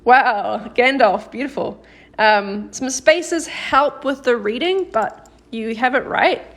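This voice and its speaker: A woman's voice: on the high side, fairly bright tone. Patient, encouraging woman teaching a lesson. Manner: patient, encouraging, praises viewers by name; slows down to model example sentences. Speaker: Korean language teacher. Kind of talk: live-streamed grammar lesson.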